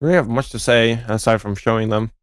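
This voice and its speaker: A young man who develops fan games talks casually over footage in a fairly low, fast voice with a clean tone. The recording is dry and studio quality. He rambles, corrects himself as he goes, and laughs at his own jokes.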